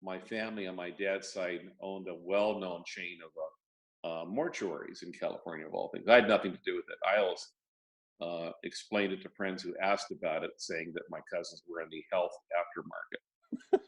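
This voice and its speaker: A man's voice: low voice, fairly even intonation. Older man with a wry, joking manner. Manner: wry, joking storyteller, halting restarts. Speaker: guest, property lender. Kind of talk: casual interview chat.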